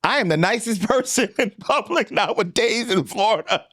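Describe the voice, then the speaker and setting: A man's voice: sits high, lively intonation, normal speed, a bit bright, slightly rough, dry recording, studio quality. A man hosting a casual talk show, chiming in with short agreements and laughs. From grew up in the country. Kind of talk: casual chat.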